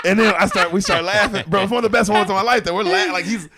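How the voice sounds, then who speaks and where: A man, a comedian guest, telling a story in casual chat, animated and profane, acting out voices. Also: high-pitched, rapid-fire, few pauses, very noisy.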